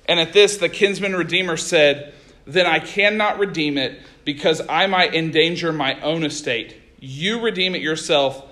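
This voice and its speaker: A man preaching a sermon, reading scripture and retelling it in a conversational, animated way with casual asides. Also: fairly high pitch, normal speed.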